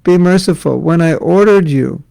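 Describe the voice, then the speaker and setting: A man's voice: fairly high pitch, normal speed, gravelly, dark tone, pitched above the performer's own voice. A man reading out the lines of a young woman pleading with her beloved in a scripture story, apologetic and pleading.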